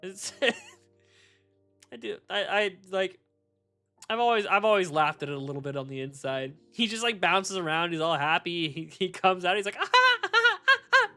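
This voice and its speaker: A male streamer chats casually through a home desk mic, his voice bright and sharp. He rambles and swears freely, and his pitch swings widely as he laughs at his own jokes. Soft music plays faintly behind him. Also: lively intonation, normal speed. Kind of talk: casual live-stream chat while shiny hunting. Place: warm home room.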